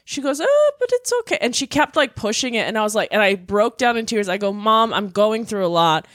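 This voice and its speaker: A woman's voice: medium pitch, a little fast, a bit bright, dry recording, clean studio sound. A woman guest in a casual podcast chat, laughing often and acting out quotes from her family. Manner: laughs often, acts out her mom's lines.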